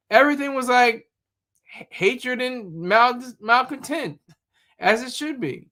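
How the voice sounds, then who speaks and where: A man's voice: very high voice, lively intonation, measured pace, pushed and bright. A man streaming live, chatting casually and rambling, often repeating words as he reacts to chat. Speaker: YouTube streamer.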